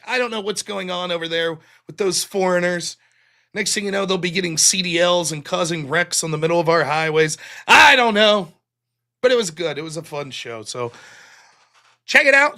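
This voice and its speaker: A man's voice: high-pitched, lively intonation, normal speed, pushed and bright. A man hosting his live stream, telling a rambling, profane, self-mocking story about his day in casual chat.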